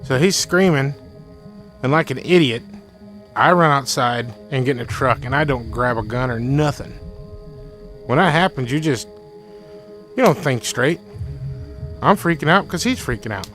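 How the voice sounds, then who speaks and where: A man's voice: medium pitch, normal speed, pauses often, poor audio. A young man telling a frightening personal story in casual talk, rambling and repeating himself, with faint music behind. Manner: rambling, repeats himself, quotes friend in excited bursts.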